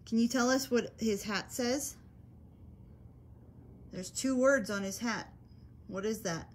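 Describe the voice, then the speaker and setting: A woman paranormal investigator calmly and persistently asking questions of spirits during a ghost hunt. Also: on the high side, slow, a little hiss or hum. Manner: calm, coaxing, persistent questions.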